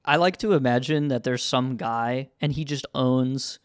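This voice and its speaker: A man's voice: mid-range voice, unhurried, smooth, no room sound. A young man co-hosting a podcast in laid-back casual chat, with dry humor and frequent laughter. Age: young adult. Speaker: podcast co-host.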